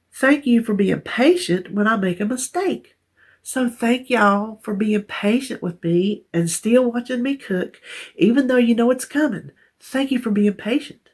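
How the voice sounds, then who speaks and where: A woman with a drawl talks straight to her viewers, calling them y'all and poking fun at herself. Her voice has a gravelly, husky texture. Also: a little high. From North Carolina. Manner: chatty, self-deprecating, warm addressing viewers as y'all. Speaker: vlogger. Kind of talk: casual chat to camera.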